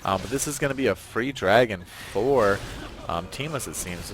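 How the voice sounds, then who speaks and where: Laid-back lower-voiced male esports co-caster. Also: lively intonation, moderate pace, a little hiss or hum. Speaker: esports co-commentator. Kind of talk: esports color commentary.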